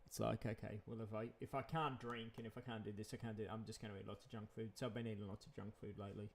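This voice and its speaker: A man's voice: on the low side, little pitch movement, very fast, creaky, a little hiss or hum. A man, chatting in a rambling vlog monologue, repeating himself and chuckling often. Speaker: vlogger.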